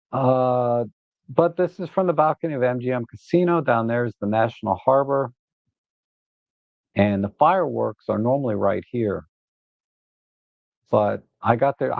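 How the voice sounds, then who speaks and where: There's a gravelly, medium-pitched male voice here, a photography channel host wandering chattily through his shots on a livestream with frequent "uh" and stop-start phrasing. He sometimes gets worked up and exasperated while griping, laughing as he goes, recorded dry and narrow like a phone.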